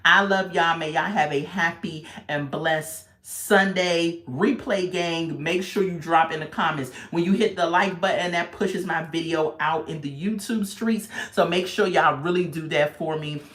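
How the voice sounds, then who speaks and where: Woman chatting about a reality show episode, blunt and slangy, tells it real animated. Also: fairly low pitch, unhurried, few pauses. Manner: animated storytelling, acts out people's voices; blunt, emphatic, uses slang. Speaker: YouTube reality-show reviewer. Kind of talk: casual chat.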